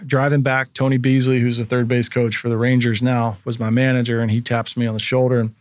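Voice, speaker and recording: A man's voice: mid-range voice, level tone, brisk, dry recording, clean studio sound. A man in his thirties, a former pro athlete as podcast guest, telling a long story casually and acting out the people he quotes.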